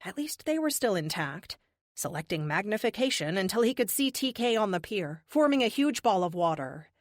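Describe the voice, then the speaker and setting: Lively woman audiobook narrator. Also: mid-range voice, normal speed, no echo, studio quality. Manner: lively, expressive reading. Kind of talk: scripted narration.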